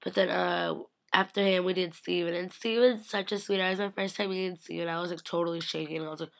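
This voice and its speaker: A young woman rambles through a fan-event story in a lowish, fry-heavy voice. She gushes and repeats "like" constantly, jumping into little impressions of the people she met. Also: steady tone, fast talker. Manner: acts out quotes in shifting voices. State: slightly sick. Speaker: vlogger. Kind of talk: casual recap of a fan convention.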